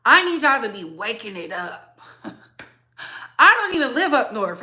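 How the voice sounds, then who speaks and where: A female show host with a Southern US accent chats with her viewers in a loose, slangy, strongly opinionated way. Her bright voice sits a bit high for a woman, and she talks slowly with frequent pauses while keeping up an animated, casual commentary.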